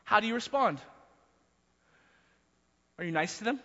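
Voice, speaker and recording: A man's voice: sits high, lively intonation, unhurried, pushed and bright. A man preaching a sermon in an emphatic way, often repeating words as he builds a point. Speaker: pastor. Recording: muffled hall recording.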